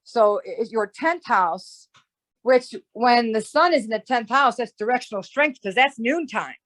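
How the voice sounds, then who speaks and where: A woman's voice: fairly high pitch, expressive, a little slow, a bit bright. A woman in a casual conversation, explaining ideas at length in a rambling way, often checking in with "right?". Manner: rambling, with restarts and "right?" tags. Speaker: astrologer guest.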